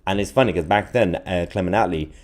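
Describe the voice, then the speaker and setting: Hosting a live political stream, a man with a low-pitched voice talks fast as he reads out chat comments. He's sarcastic and animated and laughs frequently.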